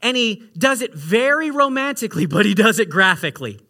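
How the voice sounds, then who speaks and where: High, bright-voiced man preaching with humor. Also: a little fast. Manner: animated, joking asides, big swings from loud to hushed. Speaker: pastor. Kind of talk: sermon.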